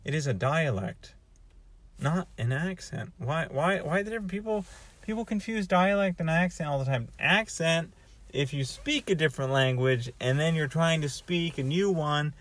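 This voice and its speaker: Man, casual vlog monologue, rambling, self-interrupting, slightly high voice. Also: expressive, moderate pace, fairly bright tone. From North America. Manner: rambling, musing aloud, frequent restarts. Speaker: vlogger.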